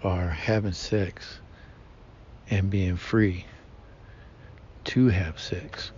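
A man holds forth in a slow, rambling monologue, stumbling over fillers and slang. His voice sits low and mellow. The recording is dull and lo-fi, with a faint rumble underneath. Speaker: podcast host. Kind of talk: casual monologue.

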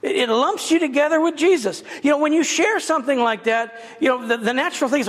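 A guest preacher's very high, slightly bright voice moves fast through a conversational sermon broken up by humorous remarks, echoing with long reverb in the church sanctuary.

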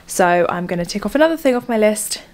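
A young woman from England, chatting casually to her camera at home, self-deprecating and quick to laugh. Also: medium pitch, lively intonation, a little mellow. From southern England. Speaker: vlogger. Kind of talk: casual vlog chat to camera. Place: at home, indoors.

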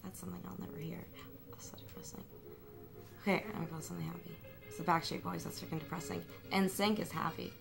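Young woman, rambling confessional vlog, gravelly fry, self-mocking, music playing in the room. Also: on the low side, level tone, racing. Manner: rambling, self-mocking, full of fillers and restarts. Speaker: vlogger. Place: at home.

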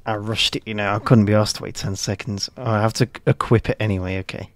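A man's voice: lowish voice, fairly even intonation, fast talker, dry recording. A man casually commenting on his gameplay, joking and swearing at a desk microphone. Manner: joking, swearing, reacting freely. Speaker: streamer.

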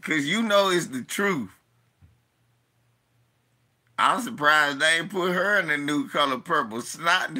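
Loud crude joking guy, bright husky voice, slow delivery. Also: a little high, expressive. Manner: loud, crude and jokey, laughing often. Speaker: host. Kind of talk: casual reaction commentary.

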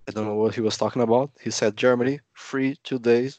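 A man from Brazil, a native Portuguese speaker, chatting as an interview guest with a lively storytelling manner that acts out quotes. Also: medium pitch, brisk, dry recording, dull audio. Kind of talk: casual interview chat.

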